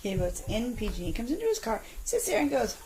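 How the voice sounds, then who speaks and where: A woman in her forties ranting in a vlog from her parked car, telling her story with indignant, animated outbursts. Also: a little high, fast, slight background noise, low-quality recording. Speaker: vlogger.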